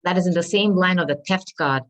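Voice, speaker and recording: A woman giving a tarot reading to viewers, earnest and reassuring, often pausing to hunt for the right word. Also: fairly low pitch, rough recording. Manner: earnest, reassuring, searches aloud for words; addresses viewers as darling. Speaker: tarot reader.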